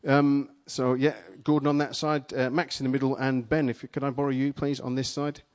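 A man's voice: mid-range voice, fairly quick. Dramatic storytelling male preacher. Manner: dramatic, storytelling, turns playful and energetic with volunteers. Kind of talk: sermon told as a first-person retelling. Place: church gathering with a live audience.

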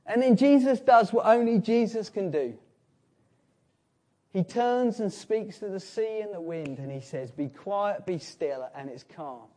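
A man preaching a sermon, telling a Bible story with animated swings between loud emphasis and hushed, slow lines. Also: sits high.

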